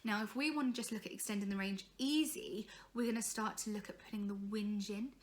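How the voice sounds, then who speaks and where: A woman's voice: mid-range voice, fairly even intonation, brisk. A young woman coaching singing in a chatty, encouraging way, breaking into vocal demonstrations. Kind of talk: informal singing tutorial.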